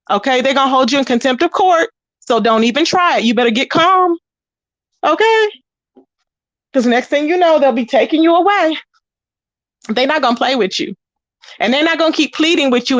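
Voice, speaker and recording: High-voiced chatty woman, dry close mic. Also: a bit bright, no echo, dull audio. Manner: chatty and blunt, greets viewers by name. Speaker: host of a live commentary stream. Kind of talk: casual live-stream chat.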